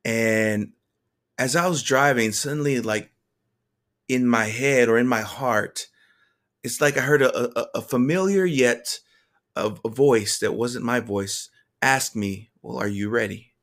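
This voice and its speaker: A man of ordinary pitch tells a personal faith testimony. His delivery is earnest and halting, with sentences that stop and start again. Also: a bit bright. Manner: earnest and halting, with frequent restarts.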